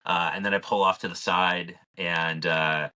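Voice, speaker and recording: A man's voice: deep voice, steady tone, unhurried, pushed and bright. A man co-hosting a podcast, telling a story in a loose, rambling way, full of "like" and casual swearing. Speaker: podcast co-host.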